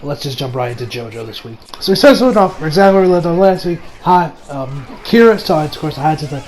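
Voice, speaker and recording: Male reviewer, high pitched, loose rambling delivery with restarts and cursing; faint background hiss. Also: lively intonation, fairly quick, hardly any pauses, a little mellow, low-quality recording. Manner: rambling, swears, frequent restarts and fillers. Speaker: anime reviewer. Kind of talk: casual solo review.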